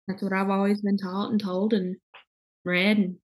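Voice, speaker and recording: Breathy young woman sharing openly. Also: mid-range voice, little pitch movement. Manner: candid, halting, many fillers and restarts. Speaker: guest. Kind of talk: casual conversation.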